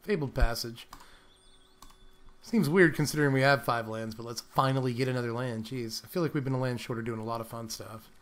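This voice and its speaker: A young man comments playfully on a card game, talking a little fast in a medium-pitched, fairly bright voice. He laughs often and now and then slips into a mock British accent.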